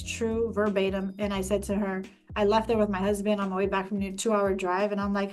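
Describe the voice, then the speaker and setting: A woman host telling a personal story in casual conversation, emphatic and animated, with many restarts. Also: medium pitch, fairly quick, hardly any pauses, soft background music. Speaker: podcast host.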